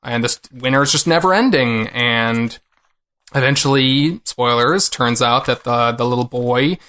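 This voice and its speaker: A man's voice: mid-range voice, measured pace, pushed and bright, smooth. A man co-hosting a comics podcast in casual chat, rambling with many fillers. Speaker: podcast co-host.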